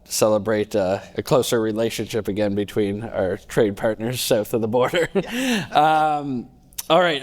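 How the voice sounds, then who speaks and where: A man's voice: medium pitch, darkish tone. A man moderating a conference panel, giving brief, upbeat prompts to the speakers.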